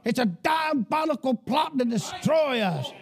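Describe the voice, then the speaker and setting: A male preacher delivering a fiery sermon, often shouting and emphatic. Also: extremely high pitch, lively intonation, a little slow, vocal fry.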